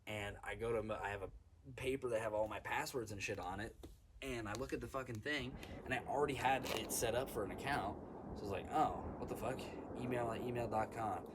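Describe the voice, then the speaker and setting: Lowish-voiced man rambling excitedly, swearing. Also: fairly quick, background noise. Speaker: podcast host. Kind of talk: casual chat. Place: outdoors in the sun.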